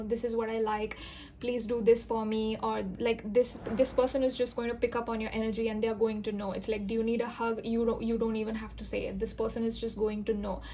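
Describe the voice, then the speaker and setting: A woman giving an intuitive tarot reading, speaking gently and earnestly with a reassuring, soft-spoken manner and frequent fillers. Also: a little high, slight background noise. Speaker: tarot reader.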